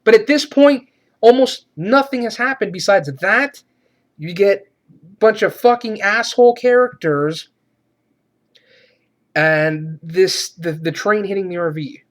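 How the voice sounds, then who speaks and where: A man reviewing a movie in a profane, exasperated rant, swearing often and shouting to mock the characters. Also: sits high, measured pace, long pauses.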